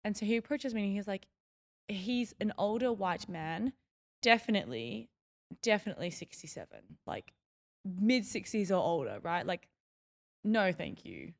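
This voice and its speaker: A woman's voice: medium pitch, sing-song, moderate pace, creaky. A young woman from Melbourne hosting a podcast, telling stories in a chatty, rambling way with lots of fillers. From Melbourne, Australia. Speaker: podcast host. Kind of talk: casual solo podcast storytelling.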